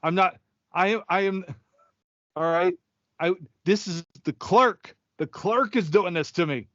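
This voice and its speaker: A man's voice: sits high, unhurried, fairly bright tone, no echo, muffled recording. A young man co-hosting a comedy podcast, telling a rambling, profane anecdote. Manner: rambling, profane, acts out quotes. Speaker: podcast co-host. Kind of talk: comedic storytelling.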